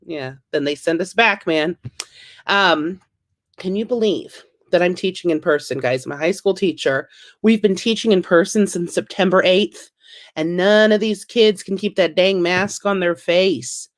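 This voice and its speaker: A woman's voice: lowish voice, unhurried. A woman in her thirties doing a stand-up comedy set, wry and self-deprecating, with punchy delivery.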